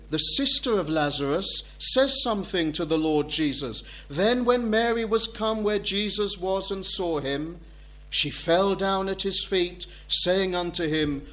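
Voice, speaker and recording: A man delivers a sermon at an unhurried, measured pace. His voice sits high for a man. He reads scripture in old-fashioned wording and drives points home through repetition. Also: fairly bright tone. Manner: slow, deliberate preaching with emphatic repetition. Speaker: preacher.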